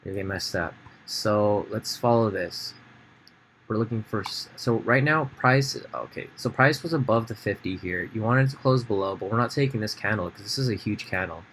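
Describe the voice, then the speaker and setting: Guy with a lowish voice doing a chill trading tutorial, lots of uh and um, slight background hiss. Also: moderate pace, fairly bright tone. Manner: casual, thinks aloud with fillers and restarts. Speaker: trading educator. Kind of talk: screen-share trading tutorial.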